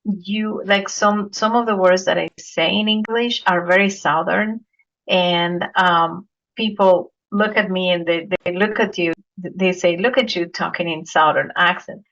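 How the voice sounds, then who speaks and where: On a dull lo-fi recording, a Colombian woman with a Spanish accent hosts a casual podcast interview, earnestly sharing anecdotes and repeating words as she searches for them. Her voice is fairly low and a bit bright, with fairly even intonation and a measured pace.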